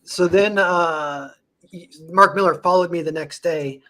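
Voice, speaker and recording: A man's voice: fairly high pitch, measured pace, sharp tone. Rambling young man on a chat podcast. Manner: rambling, full of "like" and restarts. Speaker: podcast co-host, comics artist. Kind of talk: casual chat.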